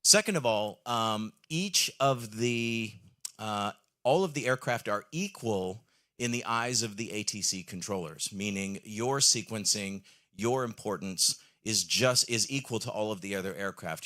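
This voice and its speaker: Bright-voiced man pitching on stage. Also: expressive, a little slow. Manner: enthusiastic, frequent ums and uhs, asks the audience questions. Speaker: company presenter on stage. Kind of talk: live stage product presentation. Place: stage at a trade show in a large hall.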